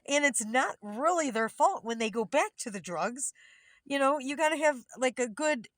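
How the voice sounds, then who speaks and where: A woman's voice: high-pitched, animated, a little slow, no echo, studio quality. A woman in her fifties talking candidly into her phone from a parked car, rambling and getting heated at times. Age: 50s. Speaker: vlogger. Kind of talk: casual selfie vlog. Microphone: phone camera.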